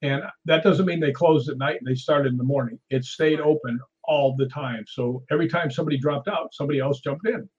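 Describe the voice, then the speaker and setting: A man, a guest ghost hunter, telling animated stories in a casual conversation. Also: on the high side, brisk, hardly any pauses, slightly rough, highs cut off. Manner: animated anecdotal storyteller.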